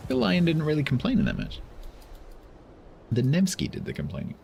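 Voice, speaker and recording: A man's voice: a little high, huge pitch swings, brisk, gravelly, mellow, slight background noise. An English man streaming a game, chatting casually and rambling with dry, self-amused asides as he reads chat. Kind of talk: casual live-stream chat while gaming.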